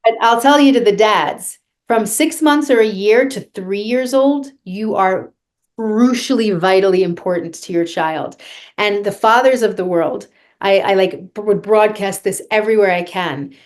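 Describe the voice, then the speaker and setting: A woman's voice: medium pitch, moderate pace. A woman vocal coach being interviewed on a podcast, talking earnestly and guiding listeners through a breathing exercise.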